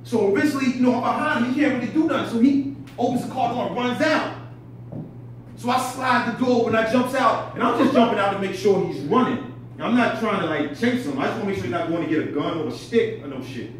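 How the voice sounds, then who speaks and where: A stand-up comic with a very high voice talks fast as he tells a story on a comedy club stage, laughing at his own tale and swearing freely. The recording is echoey, with a distant mic and background noise.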